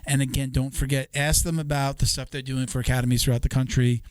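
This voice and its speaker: A man's voice: mid-range voice, level tone, fast talker, slight background noise. A man hosting a casual podcast, chatting easily and reading sponsor messages with a few fillers. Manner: easygoing, reads sponsor copy with fillers. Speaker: podcast host.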